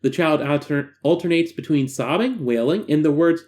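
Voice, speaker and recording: A man's voice: a little high, moderate pace, a little mellow. A man hosting a reading of a horror file, mixing narration with chatty, self-deprecating asides. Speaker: host reading stories aloud.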